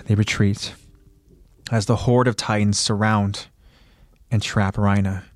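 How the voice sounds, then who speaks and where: A man's voice: on the low side, little pitch movement, a little slow, no room sound. A man hosting a podcast, plainly retelling an anime episode with fillers. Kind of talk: episode recap narration.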